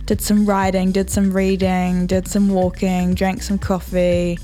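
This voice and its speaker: A woman's voice: mid-range voice, flat delivery, measured pace, mellow, faint music behind. A woman with a New Zealand accent co-hosting a breakfast radio show, chatting casually and upbeat, weaving te reo Māori greetings into her English.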